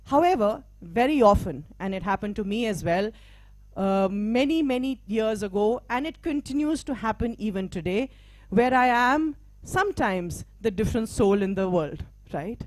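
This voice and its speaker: A woman's voice: medium pitch, lively intonation, moderate pace, dry recording. A middle-aged woman, a mental health practitioner and diversity trainer, giving a motivational stage talk in a conversational way. She often asks "right?" and "okay?" to check in with her listeners. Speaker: speaker at a live talk event.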